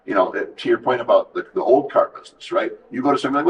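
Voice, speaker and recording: A man's voice: mid-range voice, rapid-fire, hardly any pauses, far from the mic, lo-fi sound. A man telling his story as an interview guest, candid and emphatic, often acting out what others said to him. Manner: earnest, emphatic, reflective, quotes others in dialogue.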